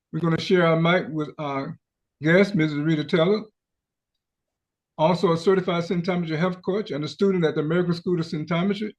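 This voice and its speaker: A man's voice: fairly high pitch, normal speed. A man hosting a radio health talk show, speaking in a preacherly way and often addressing listeners as brothers and sisters.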